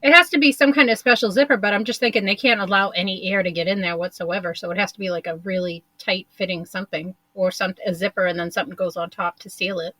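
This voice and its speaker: A woman guest chatting casually on a podcast. Her bright, forceful voice is captured dry and close, and she laughs easily and drops in quick agreeing replies. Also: mid-range voice, fairly even intonation, no echo, poor audio. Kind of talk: casual chat.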